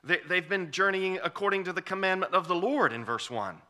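Male preacher, bright forceful tone, emphatic, repeats his points, expository sermon. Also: high voice, expressive, a little fast. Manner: emphatic, repeats key phrases for weight.

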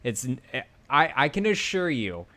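A man co-hosting a gaming podcast, chatting casually and excitably, often trailing off mid-sentence. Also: fairly high pitch, unhurried. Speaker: podcast co-host.

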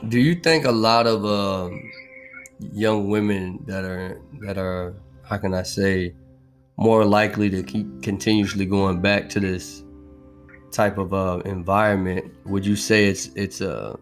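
A man's voice: deep voice, steady tone, a little slow, soft background music. A man interviewing a guest, asking questions hesitantly with many restarts and "like"s. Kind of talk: podcast interview.

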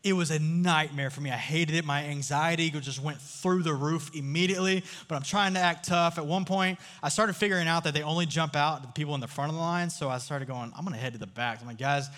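A man's voice: on the high side, fast, hardly any pauses, a bit bright. A man giving a casual, storytelling sermon to a live crowd, chatty and joking, often asking the audience questions. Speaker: youth speaker. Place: large room with a live audience. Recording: long hall reverb.

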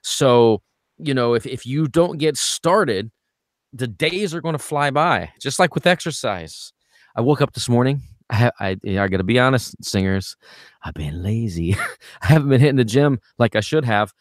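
A middle-aged man talks in a loose, rambling way, restarting his sentences with repeated words. His pitch is ordinary for a man, and the recording is dry and close with no room sound. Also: lively intonation, moderate pace, no echo. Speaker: vocal coach and podcast co-host. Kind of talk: casual podcast chat.

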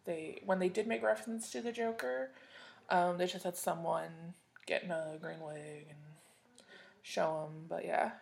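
A woman hosting a podcast in casual chat, rambling and chatty with plenty of fillers and soft asides. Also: fairly low pitch, fairly even intonation, a little slow, gravelly. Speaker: podcast host.

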